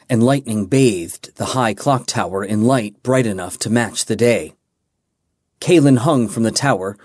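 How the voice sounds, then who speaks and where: A man narrating a fantasy audiobook with a measured, dramatic reading. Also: fairly low pitch, darkish tone, husky, no room sound, clean studio sound. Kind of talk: scripted narration.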